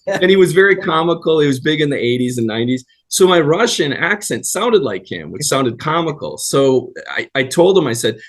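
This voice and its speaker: A man's voice: a little high, very animated, moderate pace, few pauses. A man talking as a guest in a casual interview, telling long anecdotes with a rambling flow. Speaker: guest actor and writer.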